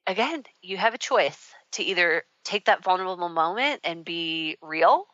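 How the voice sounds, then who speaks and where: A woman's voice: on the low side, lively intonation, normal speed, fairly bright tone, dry recording. A woman hosting a radio talk show, telling a personal story in a rambling, candid way with many fillers. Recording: dull, muffled radio audio.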